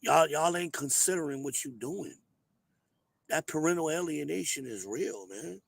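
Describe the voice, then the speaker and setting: A hoarse man, hosting an advice show and talking bluntly and emphatically. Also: fairly high pitch, moderate pace, no echo. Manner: emphatic, preachy, blunt with cursing. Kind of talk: casual advice monologue.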